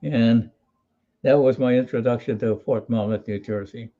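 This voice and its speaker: A man's voice: mid-range voice, steady tone, moderate pace, dark tone, muffled recording. A man in his eighties from Hawaii, a military veteran telling wry, folksy stories in an interview with frequent restarts. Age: 80s. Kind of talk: storytelling in an interview.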